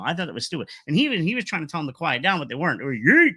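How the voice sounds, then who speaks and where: A man's voice: fairly high pitch, sing-song, very fast, sharp tone, husky, dry recording. A man casually recapping and ranting about a wrestling show, rambling with lots of fillers and strong opinions.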